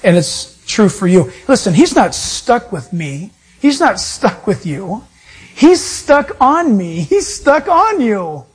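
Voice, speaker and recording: A male pastor and Bible teacher preaches a sermon in a very high-pitched voice. He speaks emphatically, repeating phrases and building his emphasis higher and higher.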